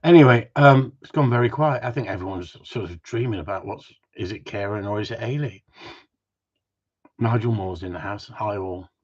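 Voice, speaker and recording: A man's voice: lowish voice, normal speed. A man hosts a live stream as a dog trainer, chatting casually and joking while he answers viewers' questions. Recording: dull lo-fi stream audio.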